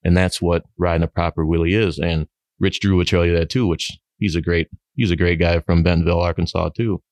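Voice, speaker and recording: A middle-aged man with a lowish voice tells stories as a podcast guest. He laughs often and slips into his friends' voices as he acts out their lines. The recording is close and dry. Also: fairly even intonation, a little fast, a little mellow, no echo. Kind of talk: storytelling in a podcast interview.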